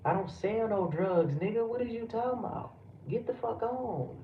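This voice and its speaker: A man's voice: sits high, expressive, moderate pace. A man from the United States, a live streamer, ranting heatedly and profanely back at his chat. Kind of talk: livestream rant at chat. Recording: roomy, distant, dull lo-fi audio with background noise.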